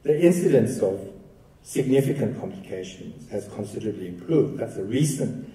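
A man's voice: on the low side, expressive, moderate pace, dark tone, recorded from a distance. A man giving a keynote lecture, telling stories in a conversational, lightly humorous way, recorded from afar in a lecture hall. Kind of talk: academic lecture with anecdotes. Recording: echoey hall, picked up from afar.

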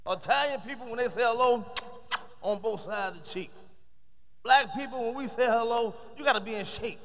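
Man, stand-up comedian, shouting, profane, very high voice, live theater reverb. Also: brisk. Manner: loud, profane, shouting punchlines. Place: large theater stage with audience. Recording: live concert hall reverb.

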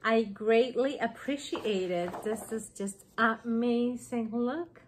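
A woman chatting excitedly on her home craft vlog, gushing over gifts she received. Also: on the high side, a little hiss or hum. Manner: gushing, excited, slow-paced. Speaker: craft vlogger. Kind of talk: casual vlog chat.

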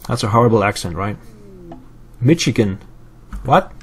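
A man's voice: fairly low pitch, expressive, normal speed, husky. A man from Europe casually commenting on his gameplay, thinking aloud with fillers and answering live chat. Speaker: let's play host.

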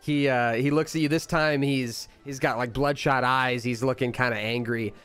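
A male game master narrating a tabletop game in an easygoing, mid-pitched voice. He drifts along with fillers and laughs easily. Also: fairly even intonation, normal speed, a bit bright, clear, resonant tone, soft background music.

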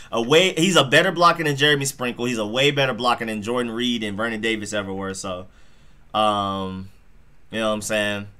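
Talking straight to his viewers' chat, a mid-range-voiced man runs a live football reaction stream, full of excitement and slang.

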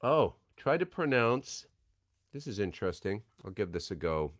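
A man's voice: lowish voice, big pitch swings, moderate pace, no room sound, studio quality. A man hosting a signing livestream, talking in a rambling, chatty, self-deprecating way at a desk microphone. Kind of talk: casual livestream chat.

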